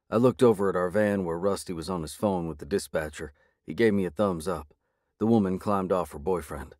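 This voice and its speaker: Deep-voiced male audiobook narrator. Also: brisk, darkish tone, no room sound, clean studio sound. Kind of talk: first-person audiobook narration.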